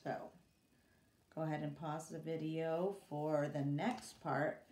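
Slow, expressive woman reading a story aloud. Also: sits low. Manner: expressive, pausing for students' questions. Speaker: teacher. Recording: roomy, from away from mic.

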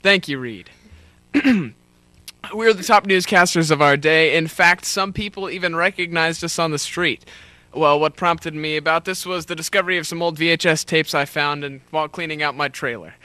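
A man hosting a low-budget comedy show, rambling and hesitant as he jokes. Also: sharp tone, no room sound. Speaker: host.

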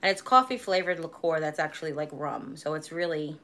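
A woman in her forties with a fairly low voice talks to her viewers in a loose, rambling way. She chats casually and laughs easily as she goes. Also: lively intonation, a little fast, fairly bright tone, a little hiss or hum. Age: 40s. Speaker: vlogger hosting a live stream. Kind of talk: casual live-stream chat.

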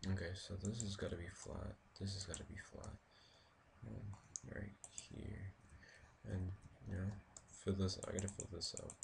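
A man's voice: sits low, fairly even intonation, normal speed, gravelly, noisy background. A man giving casual let's-play commentary, rambling and thinking aloud as he builds, talking to his viewers. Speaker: gaming video creator.

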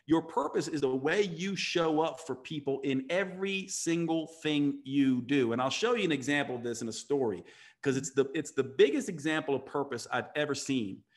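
A physician and coach appearing as a podcast guest tells a story with emphasis in a storytelling interview, acting out the voices of the people in it. His voice is fairly high, at a moderate pace.

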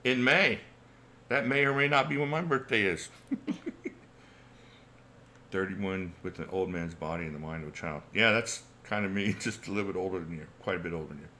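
A man's voice: low voice, a little fast, long pauses, sharp tone, slight background noise. A man in his forties hosting a casual livestream Q&A, chatty, reading viewer questions aloud and chuckling often. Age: 40s. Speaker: channel host.

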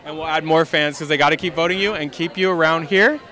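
A man interviewing backstage outdoors in a chatty, gushing way, his voice sitting a little high for a man. He talks fast and keeps things moving quickly, with a bright, forward edge to his tone. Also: steady tone. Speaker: entertainment correspondent. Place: outdoors backstage at a studio lot.

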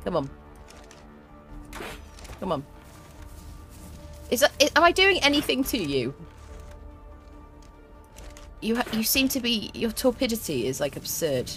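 A young woman streaming a video game, chatting excitably to the creatures and her viewers as she plays. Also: a little high, a little slow, pauses often. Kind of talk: let's play commentary. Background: faint game music.

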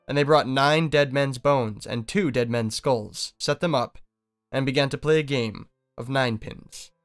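A man narrating a fairy tale in a steady storytelling manner. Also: medium pitch, smooth. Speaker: audiobook narrator.

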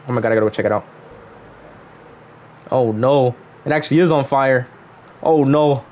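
A young man livestreaming a game, in casual commentary full of slang and banter, swinging from loud teasing outbursts to mock-solemn murmurs. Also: a little high, slight background noise. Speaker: gaming livestreamer.

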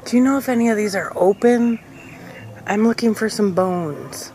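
A woman vlogging outdoors in a cemetery, chatting casually and coaxing the animals she meets in a gentle voice. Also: medium pitch, moderate pace, a little hiss or hum, rough recording. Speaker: travel vlogger. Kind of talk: casual vlog narration.

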